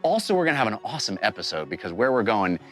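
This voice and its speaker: A man hosts a tabletop game stream, closing out the episode with laughter and rambling thanks. His pitch moves in a lively way and he trips over his words, while faint music plays behind him. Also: racing. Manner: animated, laughing, full of fillers. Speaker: game master and host. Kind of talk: tabletop game show wrap-up.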